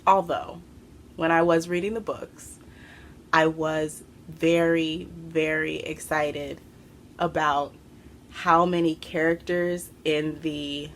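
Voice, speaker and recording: A woman hosts her craft podcast from home, talking to the camera in a chatty, excitable way with plenty of fillers. She sounds a little out of breath, and her voice sits fairly low. A faint hum of noise runs behind her. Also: slow pace. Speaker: podcast host. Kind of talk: casual chat to camera. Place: home room.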